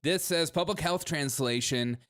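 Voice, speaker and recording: A man's voice: on the high side, normal speed, fairly bright tone. A young man hosting a show, reacting to news clips with sarcastic commentary and mocking impressions. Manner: sarcastic, mimics speakers in mocking voices. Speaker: show host.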